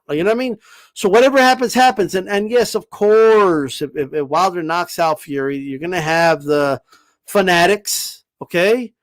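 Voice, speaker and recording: A man's voice: sits high, expressive, normal speed, no echo. A man hosting a boxing channel, talking in a casual, emphatic monologue. He swears freely, keeps tagging lines with "okay?", and stammers and restarts when he gets heated.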